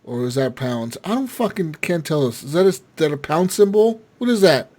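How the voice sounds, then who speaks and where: A man's voice: fairly high pitch, very animated, a little fast, darkish tone. A man hosting a casual gaming podcast, reading listener comments aloud with lots of swearing and laughter.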